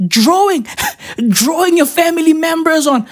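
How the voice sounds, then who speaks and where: A woman's voice: extremely high pitch, animated, measured pace. A young woman from Africa, delivering a profane comedic rant that keeps tossing in "right?". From South Africa.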